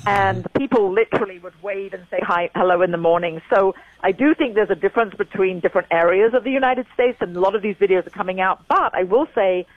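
A woman's voice: mid-range voice, fast, hardly any pauses, narrow, tinny audio. A woman in her sixties with an English accent, giving an interview as a guest and repeating her points for emphasis. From England. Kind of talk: remote interview.

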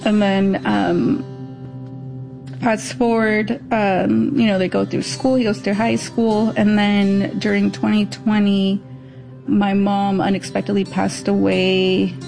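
A woman's voice: medium pitch, little pitch movement, slow pace, creaky, darkish tone, soft background music. A woman interviewed as an older sister, telling family memories in a chatty, fond way. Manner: chatty, fond storytelling with fillers.

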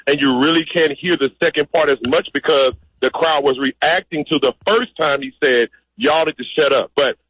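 A man's voice: on the high side, normal speed, hardly any pauses, breathy edge, no echo. A man speaking as a guest on a radio call-in show over the phone, emphatic and direct. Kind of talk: call-in interview. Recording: muffled phone line.

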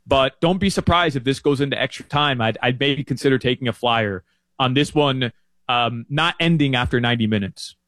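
A man's voice: normal speed, no room sound. Chatty male soccer betting analyst. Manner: chatty, gets excited and jumps up in pitch. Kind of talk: casual sports betting chat.

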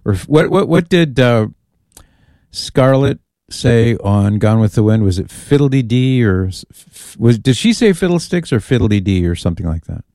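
A man's voice: mid-range voice, sing-song, moderate pace, warm tone, no room sound, clean studio sound. A man hosting a call-in radio show, chatting casually and bantering playfully with his co-host and callers.

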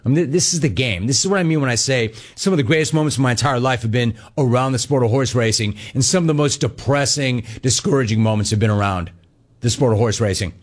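A man hosting a sports talk show, telling a long story in a casual, animated way. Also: medium pitch, fast. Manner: animated storytelling, mimics callers and others in quotes. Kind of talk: casual radio-style monologue.

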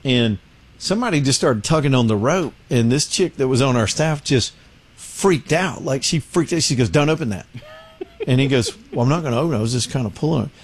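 A man's voice: medium pitch, expressive, a little fast, breathy edge. Man telling stories. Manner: storytelling, acts out voices and laughs often. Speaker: radio show host. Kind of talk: casual chat.

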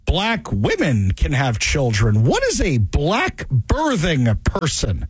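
A man's voice: high voice, wildly swooping pitch, a little slow, few pauses, husky, no room sound. A man hosting a political talk radio show, sarcastic and mocking in his commentary.

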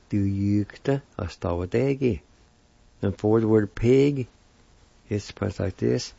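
A man teaching a language lesson, saying each word slowly and carefully and repeating it several times. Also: lowish voice, vocal fry, dark tone, no room sound. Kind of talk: slow pronunciation lesson. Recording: dull lo-fi recording.

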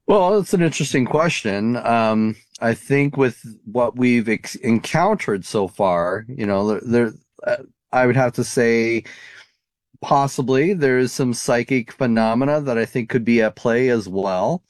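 A man's voice: mid-range voice, a little slow, no echo. A man answering interview questions in a thoughtful, searching way, full of "you know" and "um". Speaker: paranormal investigator guest.

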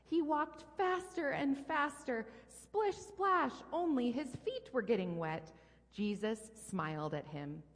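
Female pastor, animated kids' story reading, long hall echo. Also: on the high side, slow. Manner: animated, playful sound effects for a child. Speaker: pastor leading a children's message. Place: church sanctuary. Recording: long reverb in a large hall.

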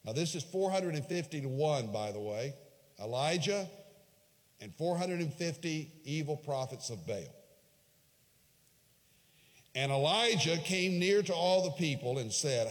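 A man's voice: a little high, lively intonation, unhurried. Dramatic preacher man in a reverberant hall. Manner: dramatic retelling, swings from hushed to loud. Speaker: pastor. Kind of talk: sermon.

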